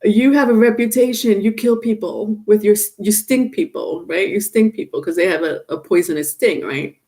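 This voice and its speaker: A woman's voice: medium pitch, normal speed, warm tone, natural voice. A woman voicing a wary frog from a fable, blunt and refusing. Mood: defiant.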